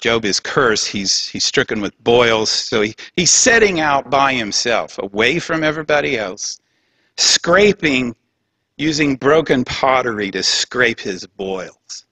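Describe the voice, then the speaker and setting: A man's voice: mid-range voice, bright, forceful tone, no room sound. A man giving a public lecture in a conversational, humorous way, with laughing asides.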